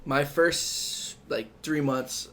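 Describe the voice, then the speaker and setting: Guy, mid pitch, laid back chatting, bit of faint noise behind. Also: extremely slow, sharp tone. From Hawaii. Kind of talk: casual chat.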